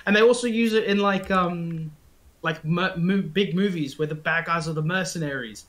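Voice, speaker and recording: A man with a voice pitched a little high, chatting with friends before a tabletop game. He tells his stories with lively energy and plenty of swearing. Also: moderate pace. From South Africa. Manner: animated, profane storytelling. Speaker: player. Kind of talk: casual chat.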